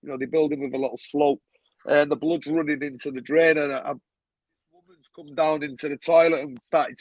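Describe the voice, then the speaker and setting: A man's voice: fairly high pitch, animated, fairly quick, no room sound, poor audio. A man telling stories as a guest on a talk show, blunt and swearing freely, with a lot of "you know what I mean". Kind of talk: casual storytelling.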